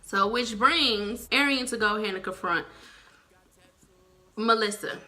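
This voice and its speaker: A woman's voice: medium pitch, a little slow, bright, forceful tone. A woman, recapping a reality show in a blunt, exasperated vlog style and swearing freely. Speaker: TV show reviewer.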